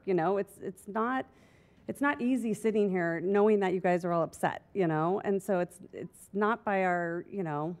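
Woman board delegate, mid pitch, frank and determined, halting delivery at a public meeting. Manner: frank, determined, with many restarts. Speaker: school board member and delegate. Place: school board meeting room.

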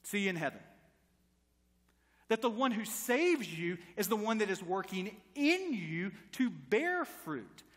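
High-voiced preaching pastor in reverb. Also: male voice, very animated, measured pace, hardly any pauses, a bit bright. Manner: storytelling with acted quotes, rising to emphatic preaching. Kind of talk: sermon. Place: church sanctuary. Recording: long church reverb.

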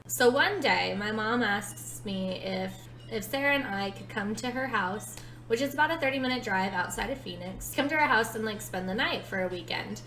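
A woman's voice: medium pitch, moderate pace, fairly bright tone, echoey room, rough recording. A woman in her twenties telling a personal story in a casual vlog, chatty and full of fillers. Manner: chatty, many "like" fillers, dramatic retelling. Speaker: storytime vlogger.

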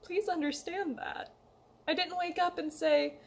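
A woman's voice: very high voice, fairly even intonation, unhurried, creaky. A young woman making an emotional, hesitant personal confession to her family and friends, reading from a letter she wrote. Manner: emotional, hesitant, pleading, reads a letter aloud. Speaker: vlogger.

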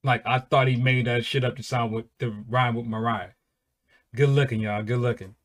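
A man hosting a casual music reaction video, swearing freely and breaking into loud, high-pitched laughing excitement. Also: normal speed. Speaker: reaction channel host.

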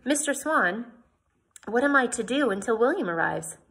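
A woman's voice: fairly high pitch, expressive, moderate pace, fairly bright tone, faint music behind, voice pushed up. A woman voicing a prim, earnest young lady in a read-aloud storybook, asking questions in a raised voice.

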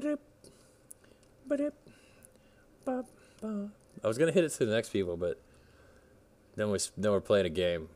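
A man's voice: sits low, a little mellow. A man streaming a game, chatting casually, rambling and swearing as he plays. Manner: rambling, swears, talks to himself while playing. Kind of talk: casual live-stream chat.

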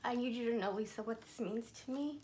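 Her voice sits on the high side and sounds mellow, with a faint hiss or hum behind it. She's a woman unboxing gifts in a casual vlog, talking to the camera in a slow, stretched-out way, effusive and emotional, now and then close to tears.

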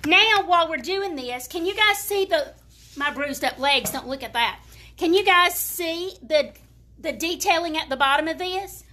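A very high voice with a sharp tone comes through at normal speed. The speaker is a woman from the American South, using a Southern accent as she chats in a folksy way and demonstrates furniture painting live for her audience.

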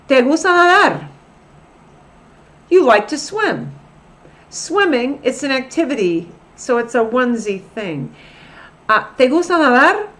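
A middle-aged woman teacher talks through a recorded lesson at an unhurried pace, going over each example more than once. Her slightly high voice rises and falls a great deal as she explains. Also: a bit bright. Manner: slow, deliberate explanations with repeated example sentences. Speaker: Spanish teacher.

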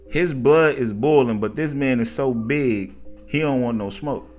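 A man narrating a casual story in a conversational, slangy, animated way. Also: mid-range voice, measured pace, faint music behind.

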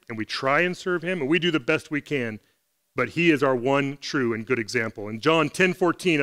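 A man's voice: mid-range voice, a bit bright. A man preaching a Sunday sermon in church, talking earnestly and conversationally as he reads and explains scripture. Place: church service.

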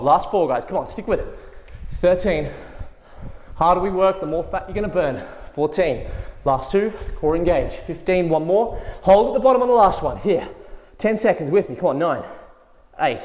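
A fitness instructor with a slightly high voice counts reps and cheers people on while he works out alongside them. He is out of breath, and a long reverb trails each word. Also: darkish tone, muffled recording. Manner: encouraging, counts reps aloud while exercising. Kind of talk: workout coaching.

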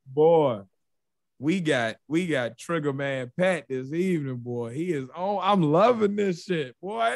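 A man's voice: on the high side, animated, unhurried, creaky, dry recording. A man co-hosting a casual podcast, teasing his co-host and hyping him up.

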